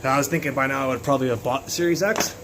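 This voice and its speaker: A man rambles loudly through a home cooking stream, swearing often and wandering off topic. His voice sits in a middle range. It comes through a phone mic with steady noise underneath. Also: medium pitch, very fast. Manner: rambling, loud, swears a lot. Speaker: live streamer. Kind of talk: casual live-stream chat while cooking. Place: home kitchen.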